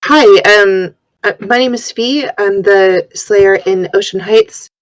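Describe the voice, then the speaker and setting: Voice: mid-range voice, slow, dry recording, natural voice, poor audio. A player voicing a young woman slayer who is unsure but blunt, speaking hesitantly with many ums. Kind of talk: in-character role-play.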